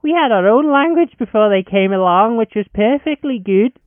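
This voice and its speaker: A man's voice: high voice, animated, moderate pace, no room sound. A man playing a grumpy, blunt middle-aged caller grumbling on a phone line.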